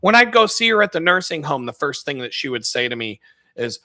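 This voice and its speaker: A man's voice: fairly high pitch, very animated, brisk, bright, forceful tone, no room sound, clean studio sound. A man on a live stream, ranting casually in a profane, rambling, mocking way. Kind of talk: casual rant.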